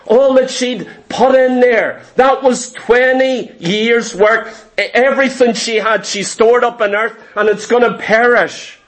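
A man's voice: very high voice, fairly even intonation, a little slow, hardly any pauses. A man preaching a sermon, retelling Bible stories with emphasis and acting out the characters' lines. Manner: emphatic storytelling, acting out biblical dialogue.

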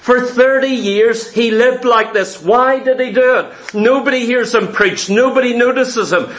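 A man preaching a sermon, stacking repeated short phrases and rhetorical questions and often clearing his throat. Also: extremely high pitch, a bit bright. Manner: emphatic repetition, rhetorical questions.

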